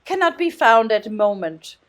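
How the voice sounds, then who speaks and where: A woman's voice: on the high side, sing-song, measured pace. A woman putting on a fancy, mock-posh voice for a formal letter writer, in an accent that fits no one place. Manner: mock-posh reading aloud in an unplaceable accent.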